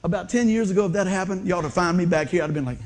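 A man preaching a humorous storytelling sermon in a church, animated and laughing often, breaking into excited whoops. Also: high-pitched, racing. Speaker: pastor. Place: church sanctuary before a congregation.

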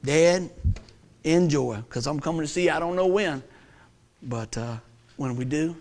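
A middle-aged man preaching a sermon as pastor, animated and joking, telling stories and acting out voices. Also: on the high side, measured pace. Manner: animated, joking storyteller who acts out voices.

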